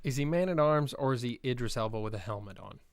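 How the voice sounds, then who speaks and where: A man's voice: mid-range voice, expressive, quick pace, clear, resonant tone, no room sound. A man co-hosting a casual podcast, making wry, sarcastic interjections. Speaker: podcast co-host. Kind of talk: casual chat.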